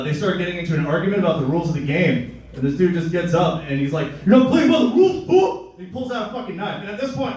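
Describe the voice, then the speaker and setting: Sardonic young comic in an echoey club. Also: male voice, a little high. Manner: crude, sardonic, deadpan. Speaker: stand-up comedian. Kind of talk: stand-up comedy set. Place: live comedy venue. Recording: echoey room, mic at a distance.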